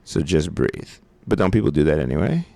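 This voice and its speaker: A man's voice: very deep voice, very animated, fairly quick, creaky, dark tone, dry recording. A man co-hosting a podcast in a studio, chatting casually in a loose, joking way and swearing freely. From Brooklyn, New York. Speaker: podcast co-host. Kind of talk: casual chat. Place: radio studio. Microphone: studio mic.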